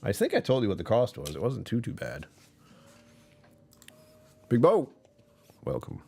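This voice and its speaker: A man's voice: a little slow, vocal fry, breathy edge. A man hosting a casual livestream, rambling and self-deprecating as he chats with viewers and chuckles often. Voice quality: deep voice that sometimes drops even lower. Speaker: live streamer hosting his channel.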